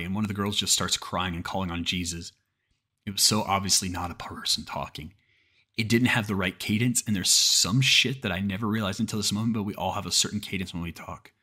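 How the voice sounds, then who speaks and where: A man's voice: deep voice, pushed and bright, breathy edge. A man narrating a creepypasta horror story in a cursing, casual way, often restarting mid-sentence.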